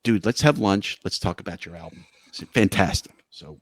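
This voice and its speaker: A man's voice: deep voice, brisk, husky, no room sound, clean studio sound. A man telling stories in a casual interview, acting out what others said. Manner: animated anecdote-telling, acts out quotes. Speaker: guest musician.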